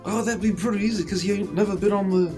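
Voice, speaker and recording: A man's voice: high voice, quick pace, darkish tone, faint music behind, pitched above the performer's own voice, lightly acted. A man voicing a laid-back male goliath sailor with a drawling surfer-dude way of talking. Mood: mellow.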